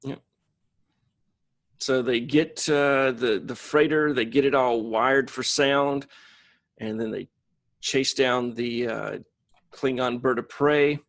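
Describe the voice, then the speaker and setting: A man co-hosting a podcast, recapping a show episode with crude jokes and quick voices for the characters. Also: mid-range voice, steady tone. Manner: jokey, acts out characters in quick asides. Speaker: podcast co-host.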